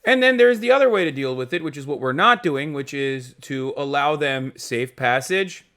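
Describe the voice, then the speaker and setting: A man's voice: medium pitch, sharp tone. A man streaming live, reacting to news clips with emphatic, profane, rambling commentary full of fillers. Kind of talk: casual political commentary.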